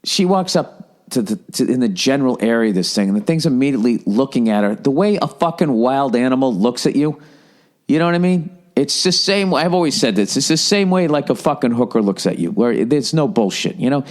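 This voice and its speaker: Podcast host, male; profane, rambling comic rant; animated delivery at a middling pitch. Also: a little fast. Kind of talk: comedic storytelling rant.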